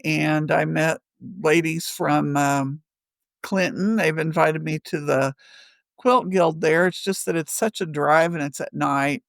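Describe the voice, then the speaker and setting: Chatty, gravelly woman. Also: deep voice, no room sound. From Missouri. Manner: chatty, rambling, laughs often. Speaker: podcast co-host. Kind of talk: casual storytelling chat.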